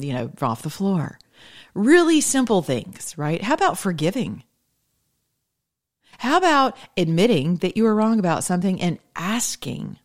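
A woman giving a rambling, chatty faith talk, laughing often. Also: fairly low pitch. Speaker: faith vlogger.

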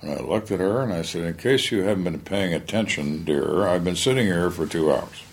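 This older man, retired from homicide as a lieutenant, recounts stories from the job in a frank interview, plain-spoken, blunt and wry. His low voice is expressive and brisk, with a breathy edge.

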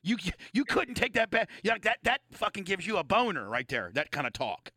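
A man hosting a radio show, trading loud, profane, riffing banter with his guest. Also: high-pitched, sing-song, a little fast, no room sound. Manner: loud, profane, riffing with mock gambler talk.

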